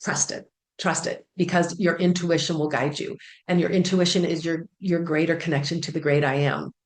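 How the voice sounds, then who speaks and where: A woman's voice: deep voice, steady tone, a little fast, echoey room. A woman talking casually and earnestly about channeled spiritual messages, with frequent fillers and repeated phrases.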